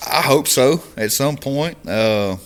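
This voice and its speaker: A man's voice: medium pitch, expressive, slow pace, clean tone. A man in his forties from Louisiana with a Cajun accent, a guest trucker telling stories in casual chat, stumbling over repeated words and laughing often.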